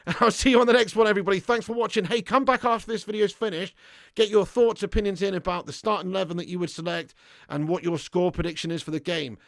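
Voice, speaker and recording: A man's voice: sits high, fairly even intonation, fast, no echo, clean studio sound. A man hosting a football fan live stream, chatting casually and reading out viewer comments with blunt, upbeat banter. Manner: blunt banter, loud and upbeat when hyping. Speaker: football fan channel host.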